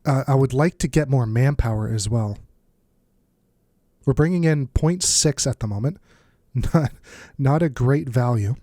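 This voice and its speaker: A man's voice: mid-range voice, measured pace, warm tone, no room sound, clean studio sound. A man with a stuffed-up nose giving casual, think-aloud commentary while playing a strategy game as the channel's host. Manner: thinks aloud, muttering asides. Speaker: let's play host.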